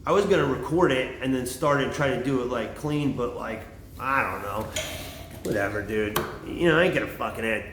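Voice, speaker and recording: Against a noisy background, a man talks fairly quickly in a medium-pitched voice, vlogging in a loose, rambling monologue. He swears often and leans heavily on fillers, with a roomy echo and faint ambience in the recording.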